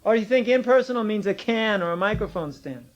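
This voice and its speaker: A man's voice: animated, brisk, lo-fi sound. A man lecturing a class, teasing and arguing with students and pressing his point with emphatic insistence, on an old cassette tape recording. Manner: teasing, argumentative, rises to emphatic high-pitched insistence.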